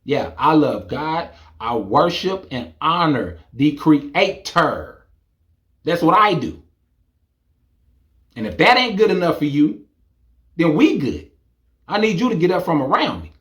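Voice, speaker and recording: A young man ranting to camera in a casual, incredulous, animated monologue. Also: high voice, measured pace. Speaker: vlogger.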